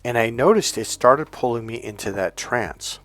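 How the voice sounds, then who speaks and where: A man's voice: mid-range voice, animated, normal speed, a bit bright, dry recording. A male dating and relationship coach telling stories in a casual, rambling monologue full of restarts and asides.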